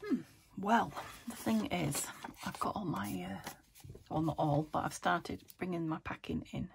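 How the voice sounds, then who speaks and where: A woman's voice: lowish voice, measured pace, creaky, a little hiss or hum. A woman chatting to herself as she crafts a junk journal, muttering and talking to her materials as she works. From United Kingdom. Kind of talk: casual crafting commentary.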